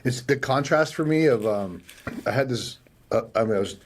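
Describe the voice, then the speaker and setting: A man's voice: mid-range voice, expressive, moderate pace, a little hiss or hum. A man hosting a podcast, reflecting on a guest's story and searching for words as he goes. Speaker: podcast host. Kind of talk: casual interview chat.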